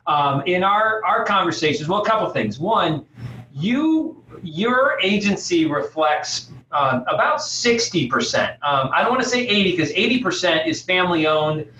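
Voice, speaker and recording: A man's voice: high voice, big pitch swings, a little slow, sharp tone. A man moderates a panel, encouraging the speakers and leaning on plenty of fillers. He sits away from the mic, so his voice sounds dull and roomy, with a faint hiss behind it. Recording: distant dull echoey audio with faint hiss.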